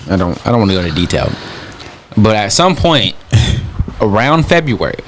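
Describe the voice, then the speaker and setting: A man's voice: lowish voice, big pitch swings, normal speed, a little hiss or hum. A man co-hosting a casual podcast who chimes in with dry, teasing remarks. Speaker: podcast co-host. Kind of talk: casual chat.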